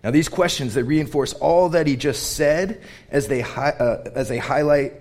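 A man preaching a sermon in an earnest, emphatic way, repeating phrases for weight, and turning quiet and tender when he tells a personal story. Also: a little high, moderate pace. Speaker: pastor.

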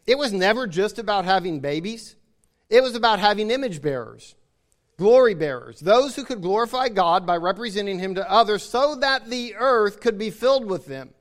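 Preaching at a normal speed, a high-voiced man delivers an animated sermon full of emphasis. He drives his points home by repeating key phrases and calls on listeners to agree.

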